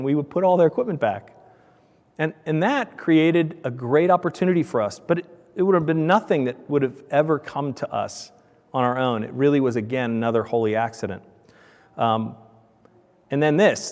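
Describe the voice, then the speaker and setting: A middle-aged man giving a conference keynote, telling stories in a lively way and acting out the voices of his family. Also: mid-range voice. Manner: animated storyteller, acts out family dialogue. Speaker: keynote speaker. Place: large conference hall. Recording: hall reverb.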